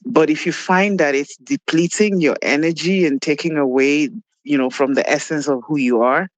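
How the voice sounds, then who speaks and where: A man talking as a podcast guest, who shares life lessons and tells a story in a reflective, unhurried way. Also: fairly high pitch, no room sound. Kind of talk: casual interview chat.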